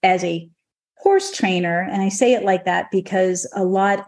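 Middle-aged woman horse trainer, telling a story, gets worked up, lots of restarts. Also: on the low side. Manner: emotional, animated storytelling with restarts. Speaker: horse trainer and podcast guest. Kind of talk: personal storytelling on a podcast.

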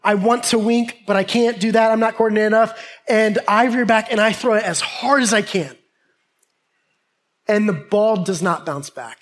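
A man preaching a sermon, telling a lively, humorous personal story to a congregation. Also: high voice, normal speed. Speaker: pastor.

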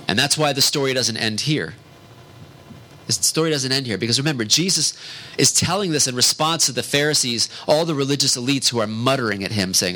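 A man preaching a sermon in an earnest way, slowing down to stress key words. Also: medium pitch, expressive, sharp tone, rough recording.

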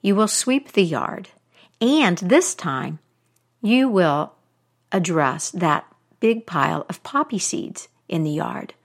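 Woman doing a sharp old witch. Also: fairly low pitch, lively intonation, slow, exaggerated voice. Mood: stern. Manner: sharp and commanding.

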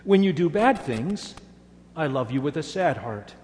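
A loving mother speaks tenderly and reassuringly, voiced by a man. Her voice sits slightly high. It is recorded with a long hall reverb and a low hum behind it. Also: sing-song, measured pace, darkish tone. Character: gentle loving mother comforting her daughter.

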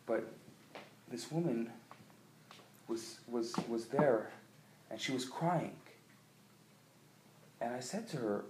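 A man, a rabbi, teaching a live class, telling a story with rising passion and loud emphatic peaks. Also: medium pitch, takes it slowly, pauses often, slight background noise. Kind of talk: live lecture. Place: lecture room. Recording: echoey room live recording.

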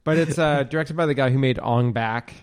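A man's voice: mid-range voice, fairly quick, smooth, no echo, clean studio sound. Rambling man chatting about movies. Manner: rambling, filler-heavy, swears casually. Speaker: podcast host. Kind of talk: casual movie chat.

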